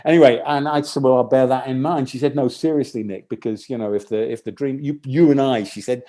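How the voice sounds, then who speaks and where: A man doing a rambling stand-up set, telling a long story in a halting, deadpan way full of restarts. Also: mid-range voice. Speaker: stand-up comedian.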